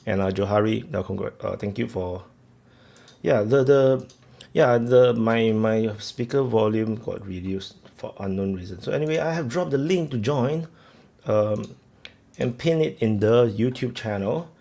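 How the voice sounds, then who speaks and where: Gravelly man hosting a rambling stream. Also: on the low side, measured pace, dark tone. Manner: rambling, lots of fillers and restarts, chatting with viewers. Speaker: live stream host. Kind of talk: casual live stream chat.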